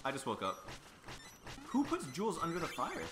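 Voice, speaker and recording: A man's voice: on the high side, normal speed. Playful man hosting a co-op game. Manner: playful, excitable trash talk. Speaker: gaming channel host. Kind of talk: casual co-op let's play chat. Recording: echoey room with game music.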